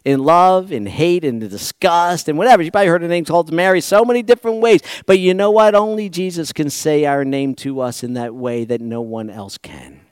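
Male preacher, dramatic sermon delivery, higher voice, dry recording. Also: a little fast, hardly any pauses, clean tone, no echo. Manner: dramatic, swings from loud exclamations to hushed reflection.

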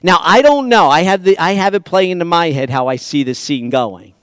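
A man's voice: a little high, animated, fairly quick, smooth, no echo, studio quality. Dramatic man preaching a sermon. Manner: dramatic, swings from loud exclamations to hushed reflection.

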